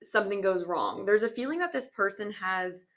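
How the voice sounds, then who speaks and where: A woman's voice: mid-range voice, lively intonation, normal speed, fairly bright tone. Rambling young woman giving a tarot reading. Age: 20s. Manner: rambling, reflective, many fillers and hedges. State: slightly out of breath. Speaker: tarot reader. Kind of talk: casual spoken tarot reading.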